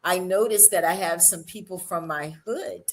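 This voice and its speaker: A woman from Alabama with a Southern accent, hosting a casual panel chat with lively, teasing, folksy talk. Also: lowish voice, moderate pace. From Monroeville, Alabama. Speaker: show host.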